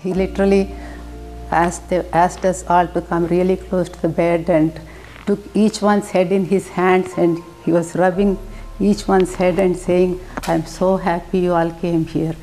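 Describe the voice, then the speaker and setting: A woman softly recounting a visit and quoting her teacher, recorded a little way from the mic. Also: on the low side, flat delivery, a little slow, soft background music, rough recording. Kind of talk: anecdotal testimony.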